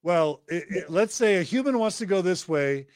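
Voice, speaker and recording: Middle-aged guy on a podcast, earnest and thoughtful, slightly high voice, dry close mic. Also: animated, normal speed, dry recording. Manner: earnest, reflective, with frequent restarts. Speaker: podcast guest. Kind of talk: casual conversation.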